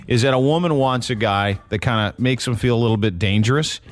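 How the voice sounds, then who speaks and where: Blunt joking male radio host. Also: medium pitch. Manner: blunt, joking, fast interjections. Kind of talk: morning radio chat.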